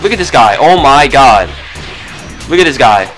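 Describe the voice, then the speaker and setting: A young man giving loud, brash trash-talking commentary over his own gameplay, often shouting at opponents. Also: on the high side, huge pitch swings, unhurried, soft background music. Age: young adult. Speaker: gaming video host.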